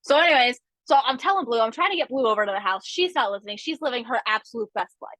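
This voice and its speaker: A woman co-hosting a podcast tells a funny story in casual chat, animated and chatty with frequent asides. Her slightly high voice is fast, with no echo, on a low-quality recording.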